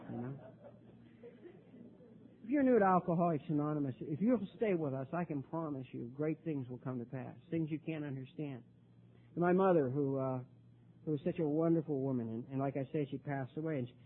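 An older man telling his own recovery story at a meeting, halting and repeating words, his voice rising when he gets worked up. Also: a little high, a little hiss or hum. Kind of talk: personal testimony talk. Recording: tinny phone-like recording.

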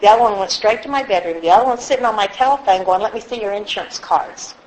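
A woman's voice: medium pitch, fast talker, darkish tone, a little hiss or hum, low-quality recording. A woman telling her own story of getting sober to a group, candid and self-mocking, acting out the people she quotes. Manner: candid, laughs at herself, acts out quoted voices. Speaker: speaker sharing recovery story at a meeting. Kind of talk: personal story told to a group.

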